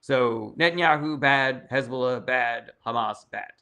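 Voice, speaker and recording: A man's voice: medium pitch, a little slow, pushed and bright. A man hosting a casual livestream Q&A, answering viewer questions bluntly and swearing often. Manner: blunt, profane, reads viewer comments aloud. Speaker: political livestream host.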